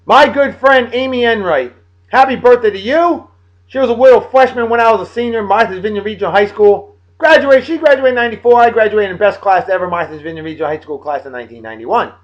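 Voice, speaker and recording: A man in his late thirties from Massachusetts, hosting a casual video blog and giving playful, hearty birthday shout-outs to friends. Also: high-pitched, quick pace, few pauses, dull audio. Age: late 30s.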